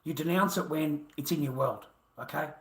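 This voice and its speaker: A man's voice: on the high side, moderate pace, fairly bright tone, roomy sound. An Australian man livestreaming an angry, profane, combative rant at his viewers.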